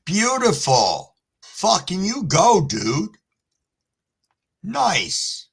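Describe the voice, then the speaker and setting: Slow-talking man hosting a live stream. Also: high voice, huge pitch swings, vocal fry, slightly rough. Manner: laid-back, profane, apologetic. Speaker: livestream host. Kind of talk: casual livestream chat.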